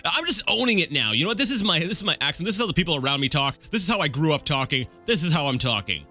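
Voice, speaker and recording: Bright-voiced man rambling through gameplay. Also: on the high side, very animated, rapid-fire, faint music behind. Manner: rambling and self-correcting, with frequent fillers and restarts. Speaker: let's play gameplay commentator. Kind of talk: casual live gameplay commentary.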